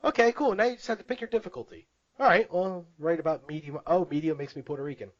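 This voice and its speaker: This podcast co-host races through a story in a slightly high voice, animated and often laughing as he acts out what others said. It's casual chat, and the recording's high frequencies are cut off.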